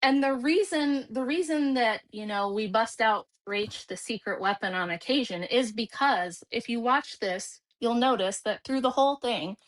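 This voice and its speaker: A woman's voice: a little high, moderate pace, hardly any pauses. A woman co-hosting a live stream, blunt and sarcastic in casual commentary, mimicking people she criticizes. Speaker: co-host.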